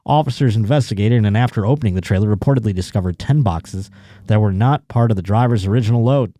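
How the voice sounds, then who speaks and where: A man's voice: on the low side, quick pace, dark tone, no room sound. A man hosting a comedy podcast, reading news stories aloud and riffing on them with crude, sarcastic jokes. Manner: crude, sarcastic riffing between read-out articles. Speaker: podcast host.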